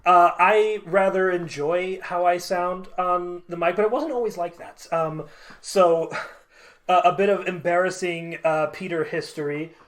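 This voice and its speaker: A man's voice: high voice, fairly even intonation, a little slow. A man co-hosting a podcast, chatting casually and laughing often. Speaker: podcast co-host. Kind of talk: casual chat.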